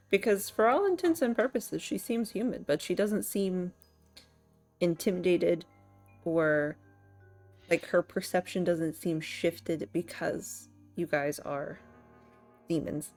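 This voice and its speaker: Woman game master, unhurried, rambling, lots of fillers, soft music behind. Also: fairly low pitch. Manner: rambling, filler-heavy, amused. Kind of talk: narrating a tabletop game.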